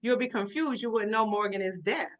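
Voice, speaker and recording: Woman, author, bright tone, casual book club chat, chatty. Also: medium pitch, a little fast, low-quality recording. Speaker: guest author.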